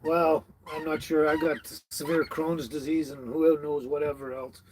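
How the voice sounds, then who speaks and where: Crowd noise fills the background as a man with a voice on the high side hosts a casual livestream from a tiny house on wheels. He speaks at a moderate pace with little movement in pitch, greeting viewers and reading their comments while chuckling and fumbling names.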